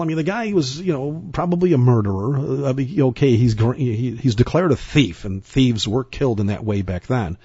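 Husky male preacher, lowish voice, dry dull lo-fi sound, emphatic and rambling. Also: animated, fairly quick, few pauses, mellow, no echo. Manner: emphatic, rambling, repeats words and restarts. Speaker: Bible teacher. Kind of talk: sermon-style Bible teaching.

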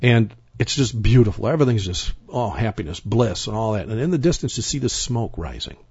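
A man's voice: lowish voice, expressive, brisk, darkish tone, husky, no room sound, highs cut off. A man giving sermon-style Bible teaching, emphatic and rambling, often repeating himself and restarting sentences.

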